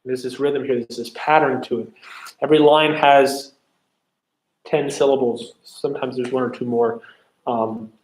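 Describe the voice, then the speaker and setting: A man's voice: medium pitch, a little mellow. A man teaching a lesson on Shakespeare, explaining step by step with many fillers and restarts, and reading verse aloud. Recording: echoey room.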